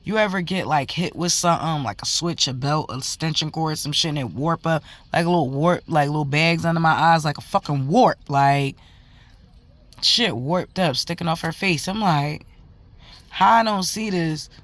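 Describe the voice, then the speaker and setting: A woman's voice: sits low, moderate pace, a bit bright, no room sound. A mother telling a story to camera in a casual, heated and profane way, talking in emphatic run-on bursts.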